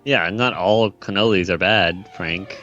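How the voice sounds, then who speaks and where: A man co-hosting a podcast in casual chat, relaxed, adding short remarks and reactions. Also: low-pitched, unhurried, lo-fi sound, faint music behind. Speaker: podcast co-host.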